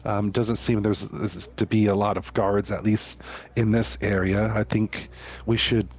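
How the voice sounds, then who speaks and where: A man's voice: lowish voice, little pitch movement, a little slow, a little mellow. A man voicing a cautious, level-headed woman rogue in a tabletop game, speaking hesitantly with many restarts. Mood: careful. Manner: hesitant, full of restarts and ums.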